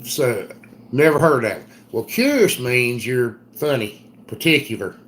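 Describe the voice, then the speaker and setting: A middle-aged man with an Eastern North Carolina drawl talks slowly and folksily on a live stream, reading out viewer comments. His voice sits at a medium pitch. A faint hiss of background noise runs under it. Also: expressive, fairly bright tone. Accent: Eastern North Carolina Southern. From Southern United States. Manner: folksy, drawn-out storytelling. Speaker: livestream host.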